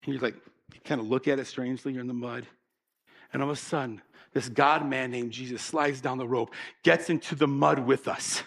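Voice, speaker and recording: A mid-range male voice with vocal fry, fairly quick, belongs to a pastor giving a sermon. He's an animated storyteller who impersonates the people in his tales and captivates the audience.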